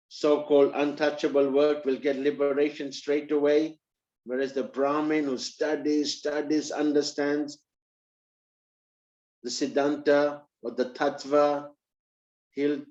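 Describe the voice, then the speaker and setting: A male preacher tells a sermon story in a lively way, acting out each character as he goes. His voice sits a little high, and it sounds roomy and slightly dull, as if recorded in an echoey room.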